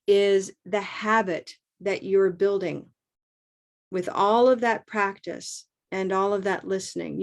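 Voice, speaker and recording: A woman teaching a live online pronunciation class, upbeat and encouraging, modeling rhythm by chanting along. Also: medium pitch.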